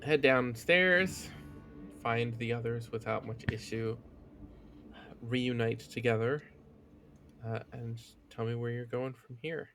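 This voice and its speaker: A man's voice: mid-range voice, slow, pauses often, fairly bright tone, soft background music. A man running a tabletop game as game master, casual and joking, swearing freely.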